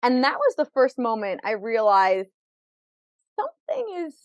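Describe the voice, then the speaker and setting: A woman's voice: a little high, huge pitch swings, measured pace, no echo. A woman who is a podcast guest, telling her life story vividly with quoted dialogue. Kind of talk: personal storytelling in an interview.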